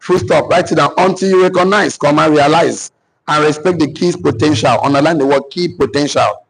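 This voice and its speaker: Husky Nigerian man dictating lessons. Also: a little high, rough recording. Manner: repeats phrases slowly for note-taking; preacher-like, cites scripture. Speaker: business mentor. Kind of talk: motivational teaching session.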